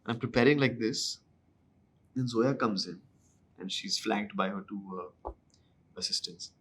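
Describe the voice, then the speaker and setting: A man, an actor telling anecdotes in an interview in an animated, self-deprecating way. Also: lowish voice, moderate pace, breathy edge. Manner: animated, acts out dialogue in other voices; self-deprecating, mixes in Hindi phrases. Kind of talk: anecdotal storytelling.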